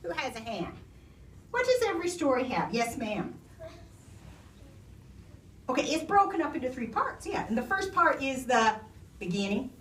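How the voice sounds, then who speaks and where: A woman teacher reading a story aloud and leading her class, slow and expressive, hushing the children. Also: sits high, far from the mic, a little hiss or hum. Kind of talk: classroom lesson and read-aloud. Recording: echoey classroom heard from afar.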